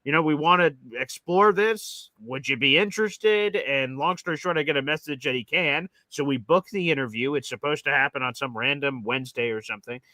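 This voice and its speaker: A man's voice: a little high, brisk, few pauses, dry recording, low-quality recording. A man hosting a sports talk show, telling stories and acting out the people he quotes. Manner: animated storyteller acting out quotes. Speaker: podcast host. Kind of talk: casual sports talk storytelling.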